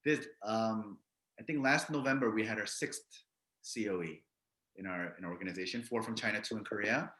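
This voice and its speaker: An American man speaking as a guest on a video-call interview, relaxed and laughing often, tending to trail off with "so". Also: lowish voice, brisk. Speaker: guest, business leader. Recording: roomy echo.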